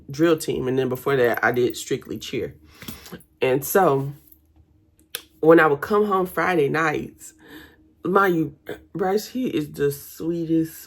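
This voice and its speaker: A young woman, chatting casually with her viewers while doing her makeup at home. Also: low-pitched. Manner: chatty, addresses viewers as y'all. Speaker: vlogger.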